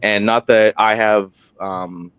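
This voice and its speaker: A man on a podcast, a guest who hosts his own show, telling stories in a rambling, animated way and acting out quotes, sounding tired at night. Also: lowish voice, slow, clear, resonant tone, dry recording. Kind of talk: casual interview storytelling. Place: remote room while on military deployment. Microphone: single portable microphone.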